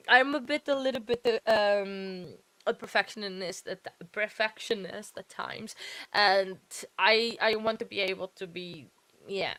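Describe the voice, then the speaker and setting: A woman's voice: medium pitch, measured pace, pushed and bright, no room sound. Woman, trial-watch stream host, tired, yawning, rambling casual chat, dry close sound. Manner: chatty and rambling, with many fillers and self-corrections. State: tired and yawning late at night. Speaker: host of a true-crime trial-watch livestream. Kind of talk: casual live commentary.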